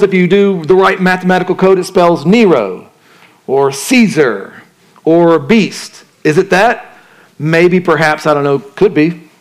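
In a conversational sermon, a male pastor whose voice runs slightly high for a man keeps posing questions to the congregation. He sprinkles casual slang and jokes through his teaching.

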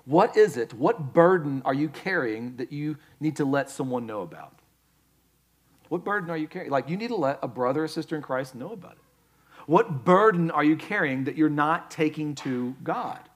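Casting: male pastor, slightly high voice, lively conversational sermon delivery. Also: normal speed. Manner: conversational and animated, jumps to high, loud quoted voices.

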